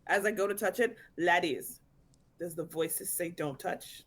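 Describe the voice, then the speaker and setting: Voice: medium pitch, a little slow, fairly bright tone. Player putting on a adventurer, insistent, laddie-heavy, tabletop game. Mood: earnest. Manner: calls everyone laddie, earnest and insistent. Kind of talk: tabletop role-play, in character.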